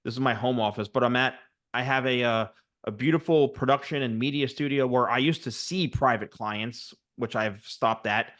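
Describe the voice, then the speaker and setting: A man's voice: medium pitch, normal speed, a bit bright. A man in a casual interview, speaking from his home office over a video call with frequent restarts and fillers. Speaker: guest, hair stylist and YouTuber.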